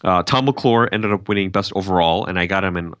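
Low bright-voiced man in casual chat. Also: brisk, smooth, no room sound, clean studio sound. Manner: relaxed, chatty, laughs easily. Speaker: podcast host and tournament organizer.

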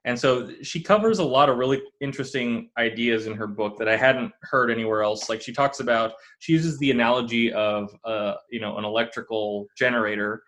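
Male host, relaxed and casual, heavy on fillers. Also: mid-range voice, a little fast, hardly any pauses. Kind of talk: casual interview and promotion.

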